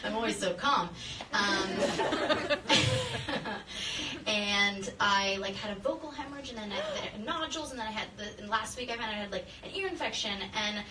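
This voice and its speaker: A woman's voice: medium pitch, animated, normal speed, distant mic, a crowd in the background. Rambling woman podcast guest, roomy sound. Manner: rambling, laughing often. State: recovering from voice strain. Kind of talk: casual chat.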